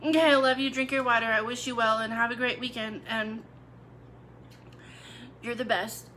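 A woman's voice: on the high side, steady tone, normal speed, sharp tone, slight background noise. A young adult woman hosting a cooking video, chatting casually to her viewers with playful asides. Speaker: cooking channel host. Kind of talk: casual live video chat.

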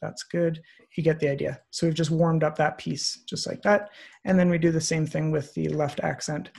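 Gravelly, husky man teaching photo editing. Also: fairly high pitch, moderate pace. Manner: relaxed, many fillers, thinking aloud. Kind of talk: screen-share software tutorial. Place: online presentation, recorded at his computer.

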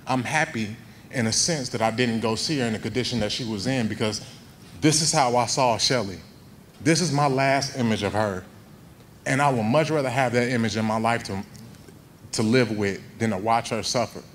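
A young man speaking at a memorial in a high school gym, telling heartfelt stories and acting out quoted voices. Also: moderate pace, slight background noise. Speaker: eulogy speaker. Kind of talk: memorial speech.

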